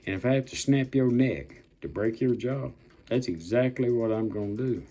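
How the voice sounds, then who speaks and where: A man's voice: mid-range voice, normal speed, warm tone. An older man delivering an angry political rant, blunt and profane, stretching out words for emphasis and making threats. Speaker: political commentator.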